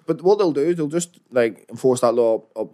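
A man's voice: mid-range voice, fairly quick, warm tone. A man with a Belfast accent, a guest answering interview questions in an easygoing, chatty way. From Belfast, born in London. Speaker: podcast guest, fighter.

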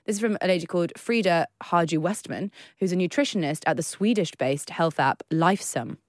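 A young adult woman co-hosting a podcast in casual chat, lively and quick to laugh, sometimes slipping into playful put-on voices. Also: on the low side, dry recording, studio quality. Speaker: podcast co-host.

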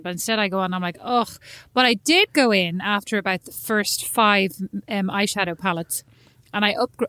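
A woman's voice: mid-range voice, fairly bright tone, no room sound. A woman with a slight lisp, co-hosting a podcast in rambling, self-mocking casual chat. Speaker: podcast co-host.

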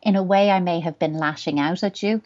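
A woman, a parenting expert, answers a listener's question in a thoughtful, reassuring, measured way. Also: fairly low pitch, darkish tone, lo-fi sound.

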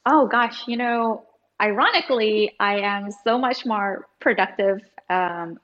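A woman's voice: medium pitch, measured pace, highs cut off. A woman in her thirties, an author guest chatting casually in an interview, giggly and full of fillers.

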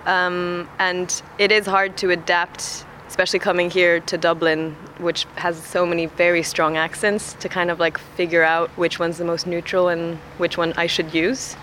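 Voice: medium pitch, little pitch movement, normal speed, hardly any pauses, a bit bright, slight background noise. A speaker who grew up in Singapore answers a street interview outdoors, reflective and searching for words. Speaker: passer-by interviewee.

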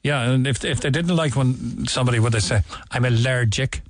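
A man with a Cork Irish accent hosting a radio chat, talking in a halting way. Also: mid-range voice, dry recording. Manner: halting, many fillers and restarts. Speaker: radio host. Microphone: studio mic.

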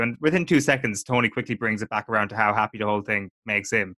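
A man's voice: on the low side, fairly even intonation, fast talker, sharp tone, no echo. A man hosting a casual podcast, recapping a TV episode scene by scene and quoting the characters. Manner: chatty, recounts scenes, quotes characters.

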